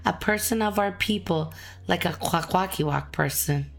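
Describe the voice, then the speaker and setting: Gravelly-voiced woman host. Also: lowish voice, normal speed, faint music behind. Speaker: host and narrator. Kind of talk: documentary narration and chat.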